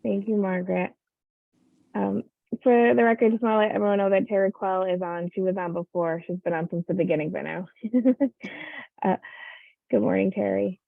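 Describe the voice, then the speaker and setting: A woman's voice: mid-range voice, fairly even intonation, normal speed, vocal fry, no room sound. A woman chairing a public board meeting, thanking speakers and passing the floor with brief, cordial remarks. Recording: dry tinny phone-like audio.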